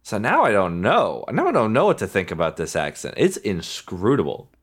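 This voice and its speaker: Low-voiced man with lively pitch. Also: husky. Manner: halting, with frequent restarts and fillers. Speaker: podcast co-host. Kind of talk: casual film discussion.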